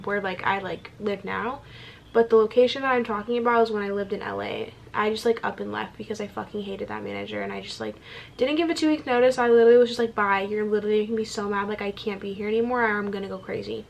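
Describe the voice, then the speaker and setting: A woman's voice: a little high, creaky, slight background noise. Chatty young woman, swearing and candid. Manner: chatty, candid, swears freely, laughs often. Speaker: beauty vlogger. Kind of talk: casual chat while doing makeup.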